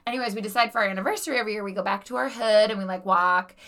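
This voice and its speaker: A woman principal co-hosts a podcast and tells stories in a chatty, lively way. Her voice is bright and forward. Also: mid-range voice, very fast. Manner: chatty and animated, many "like" fillers. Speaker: elementary principal, podcast co-host. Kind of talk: casual chat and storytelling.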